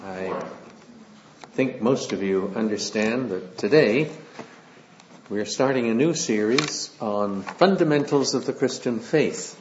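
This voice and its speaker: Slow-paced man preaching a sermon. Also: mid-range voice, a little hiss or hum. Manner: slow, measured, with hesitant fillers. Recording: slightly dull, lo-fi recording.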